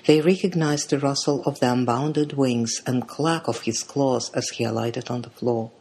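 Husky-voiced storyteller reading a fairy tale. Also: medium pitch, fairly even intonation, darkish tone. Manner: measured, dramatic read-aloud delivery.

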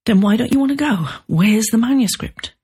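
A woman voicing a pushy male literary agent who sounds shrill, pleading and wound up. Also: animated, moderate pace, darkish tone, breathy edge. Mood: agitated.

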